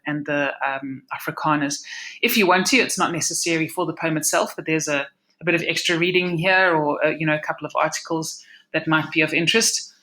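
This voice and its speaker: A woman's voice: low-pitched, a bit bright, low-quality recording. A woman from South Africa giving a recorded lesson on a poem, explaining steadily and often restarting or repeating words mid-sentence. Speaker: literature teacher. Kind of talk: recorded lecture.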